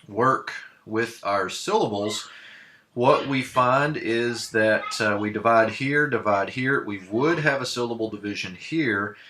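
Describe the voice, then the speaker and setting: A male teacher talks through a recorded grammar lesson in a somewhat low voice with a bright, forward edge. He pauses often and fills gaps with ums and uhs, but his manner stays patient and steady. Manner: halting, many fillers, patient.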